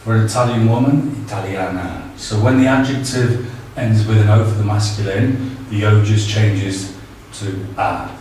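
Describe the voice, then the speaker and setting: A man's voice: on the low side, steady tone, moderate pace, a little mellow. A man teaching a casual spoken tutorial, hesitant and full of ums and uhs. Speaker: language teacher. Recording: very echoey, distant, faint background noise.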